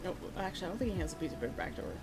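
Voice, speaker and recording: A woman chats casually on a stream while she paints, telling a story with a lot of energy and laughter. She slips into little voices for the people in the story. Lo-fi music plays clearly underneath her voice. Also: fairly low pitch, rapid-fire. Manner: animated, laughing, acts out quoted voices.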